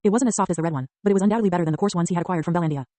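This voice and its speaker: A woman narrating an audiobook in a brisk, even reading style. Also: on the low side, no room sound. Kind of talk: scripted narration.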